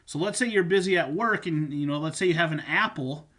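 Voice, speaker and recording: A man's bright, forceful voice on the high side moves a little fast. The fitness coach gives casual instruction on supplements and nutrition, repeating himself and filling gaps with fillers.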